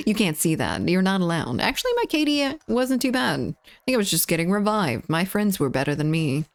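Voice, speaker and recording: A woman's voice: medium pitch, big pitch swings. Playful woman streamer chatting while gaming. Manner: playful, chatty, reads chat aloud, quick laughs. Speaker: game streamer. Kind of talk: casual live-stream chat while gaming.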